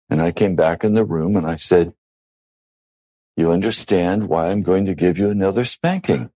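A man preaching a sermon, telling a family story in a measured, deliberate way. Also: low voice, warm tone, low-quality recording. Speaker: pastor.

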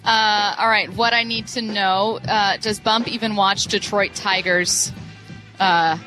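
A woman's voice: mid-range voice, fairly even intonation, bright, forceful tone, faint music behind, poor audio. A woman co-hosting a sports radio show, chatting casually, teasing her co-hosts and laughing often. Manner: playful, teasing, quick laughs.

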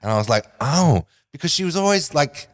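A man's voice: on the high side, fairly quick. A middle-aged man, a guest, telling a funny story with lots of laughs and acted-out voices. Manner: animated storyteller, acts out voices, laughs often. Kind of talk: casual anecdote telling.

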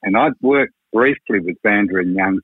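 A record producer spins long, frank anecdotes in a radio chat, leaning on "you know". His voice sits low with a husky grain. It comes through dry and tinny, like a phone line. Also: moderate pace, no echo. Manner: rambling, frank, peppered with "you know" and swearing. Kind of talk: radio interview storytelling.

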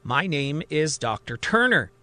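A man voicing a woman psychiatrist who speaks slowly and soothingly to calm her patient. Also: on the high side, dry recording, full character voice.

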